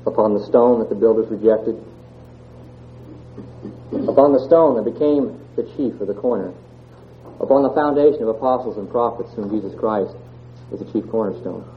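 A man's voice: on the low side, normal speed, long pauses, a little hiss or hum. A man giving a sermon, reading scripture and asking the congregation earnest questions. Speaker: church speaker. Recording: tinny phone-like sound.

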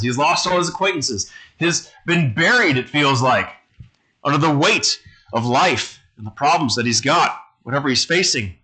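A man preaching a sermon, reading scripture aloud slowly and low, then explaining it in a conversational way. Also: sharp tone, low-quality recording.

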